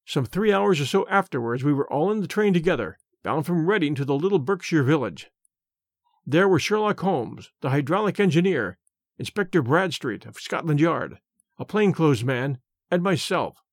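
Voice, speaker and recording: Expressive male audiobook narrator. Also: on the high side, normal speed, no room sound, clean studio sound. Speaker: storyteller.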